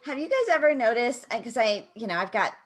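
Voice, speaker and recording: A woman's voice: fairly high pitch, lively intonation, quick pace, slightly rough. Chatty woman co-host. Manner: chatty, lots of "like" fillers. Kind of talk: casual chat.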